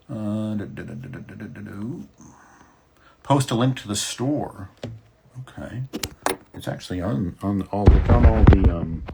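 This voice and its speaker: A man's voice: low voice, creaky, background noise. A man in his fifties, a voice actor hosting a casual fan Q&A stream, rambling easily with fillers. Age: 50s. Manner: relaxed, rambling, many fillers. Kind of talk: casual livestream chat.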